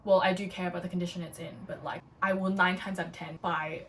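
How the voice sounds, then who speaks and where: A woman's voice: lowish voice, level tone, fast talker. Bubbly young woman chatting about books. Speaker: book vlogger. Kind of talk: casual book haul chat. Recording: a little distant from the mic, faint room noise.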